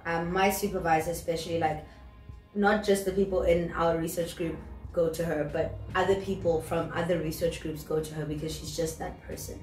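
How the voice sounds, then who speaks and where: A young South African woman hosts a casual chat, candid and sometimes groping for the right word. Her voice sits a little low. She is recorded off-mic in an echoey room. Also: fairly even intonation, brisk, a little mellow, far from the mic, faint music behind. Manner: chatty, candid, searches for words. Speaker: host.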